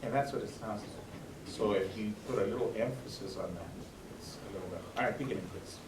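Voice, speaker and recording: A man's voice: fairly low pitch, quick pace, far from the mic, background noise. Man coaching a band in a roomy hall. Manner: coaching, often asks if it makes sense. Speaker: band conductor. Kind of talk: rehearsal instruction. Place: school band room. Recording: roomy, off-mic, band playing.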